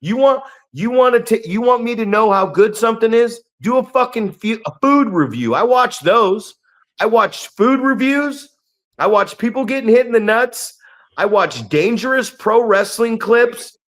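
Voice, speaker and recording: A man's voice: very high-pitched, lively intonation, measured pace, a bit bright. A man co-hosting a podcast, ranting in a casual, profane, emphatic way. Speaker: podcast co-host.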